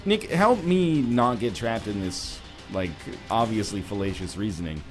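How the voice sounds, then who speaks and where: A man's voice: fairly low pitch, lively intonation, measured pace, faint music behind. A man co-hosting a gaming stream, wordy and sardonic, with an irritated throat. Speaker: streamer co-host. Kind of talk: casual gaming chat.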